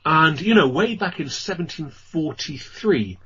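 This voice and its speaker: A man's voice: on the high side, lively intonation, unhurried, sharp tone, slight background noise. A man with an English accent, a ghost tour guide, telling long rambling stories as a radio guest, with many fillers. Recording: dull lo-fi radio audio.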